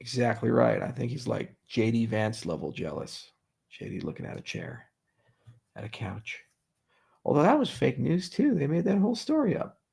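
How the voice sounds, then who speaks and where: Very gravelly, husky man hosting a stream. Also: medium pitch, very animated, moderate pace, a little mellow. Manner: sarcastic, joking, swearing. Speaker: livestream host answering viewer questions. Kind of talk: casual livestream Q&A.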